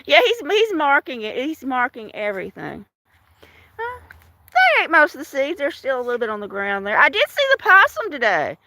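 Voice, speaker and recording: A woman chats on a live stream while walking outside, greeting viewers by name and laughing often. Her voice sits high and swoops all over. The sound is dry and close. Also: wildly swooping pitch, normal speed, pushed and bright, dry recording. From Washington state. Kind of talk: casual live-stream chat. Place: outdoors in a storm-damaged yard.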